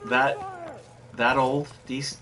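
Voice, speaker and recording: A man's voice: mid-range voice, level tone, extremely slow, very noisy. A man in his thirties chatting casually while streaming a game, rambling and self-mocking, often breaking into laughter. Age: 30s. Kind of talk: casual chat while gaming.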